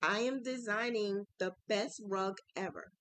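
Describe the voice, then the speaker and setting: A woman chatting to her viewers about crochet, chatty and excitable, often saying "like" and "oh my God". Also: mid-range voice, measured pace, no echo, rough recording. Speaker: crochet vlogger. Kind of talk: casual chat to viewers.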